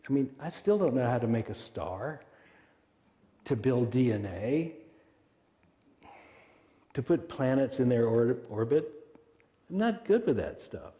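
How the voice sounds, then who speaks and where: A man delivers a sermon that drifts into guided meditation, speaking gently and unhurriedly with soft pauses. His voice is mellow and warm, at an ordinary pitch. The sound carries a long reverb, as if from a large sanctuary. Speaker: minister. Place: church sanctuary.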